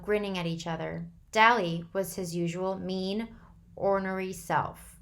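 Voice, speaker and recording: A woman, a teacher, reading a novel aloud for her class in a steady, unhurried storytelling way. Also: lowish voice.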